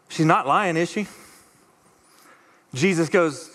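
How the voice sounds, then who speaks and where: A man preaching a conversational, animated sermon as pastor, acting out the voices of the people he quotes. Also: on the high side, a little slow, long pauses, big-room sound. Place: church auditorium.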